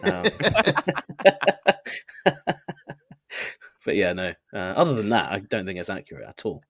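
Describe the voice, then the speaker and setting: A man's voice: low voice, big pitch swings, a little slow, vocal fry, no room sound, clean studio sound. A man co-hosting a casual podcast, giggly and self-mocking, laughing often. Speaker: podcast co-host. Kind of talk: casual chat.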